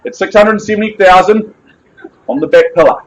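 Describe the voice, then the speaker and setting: A man's voice: sits high, moderate pace, highs cut off, a little hiss or hum. A man with a New Zealand accent calling a live property auction with jovial, persuasive patter.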